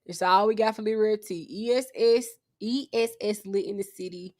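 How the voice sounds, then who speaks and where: A woman's voice: medium pitch, darkish tone. Wry woman podcast co-host. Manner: wry, joking, drawn-out storytelling. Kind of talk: casual podcast chat.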